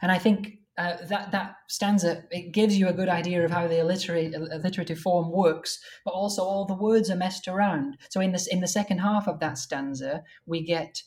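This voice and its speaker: A woman with a somewhat low voice talks through the craft of translating old verse. Her explanations are careful and thorough, and she slows right down to read poetry aloud. It sounds like an academic conversation. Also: fairly even intonation, a little mellow. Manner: careful and explanatory, reads verse lines slowly and deliberately.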